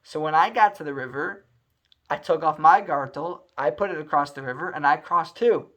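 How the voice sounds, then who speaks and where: A man's voice: fairly high pitch, normal speed. A man telling a story aloud, acting out the characters' lines with lots of feeling and frequent restarts. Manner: animated, acts out dialogue with many restarts. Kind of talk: storytelling narration.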